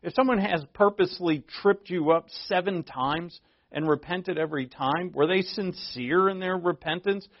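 A man's voice: sits high, moderate pace, no echo, dull audio. A man preaching a verse-by-verse sermon as pastor, in a conversational, self-deprecating way with frequent fillers. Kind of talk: expository sermon.

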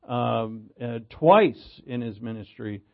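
A man's voice: medium pitch, slow, vocal fry, phone-quality sound. A man teaching a Bible passage in a casual, conversational way, often checking in with "right?". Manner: conversational, frequent "right?" check-ins, restarts. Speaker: preacher.

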